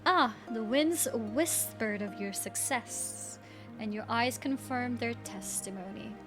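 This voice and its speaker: A woman reading a dignified leader of a sisterhood, formal and slow. The fairly high voice stays measured, with game music clearly underneath.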